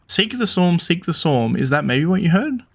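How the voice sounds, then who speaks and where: A man's voice: on the high side, very animated, normal speed, fairly bright tone, exaggerated voice. A man voicing a vain young woman singer in a game, self-satisfied and defensive. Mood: smug.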